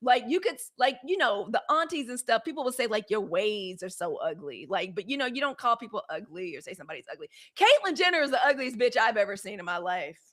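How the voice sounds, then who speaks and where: A woman's voice: a little high, expressive, quick pace, hardly any pauses, a bit bright. A woman hosting a daily live news show, talking casually and bluntly to her viewers, chatty and outspoken with frank, profane rants. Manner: chatty, outspoken, addresses viewers as y'all and girl. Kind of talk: casual live-stream commentary.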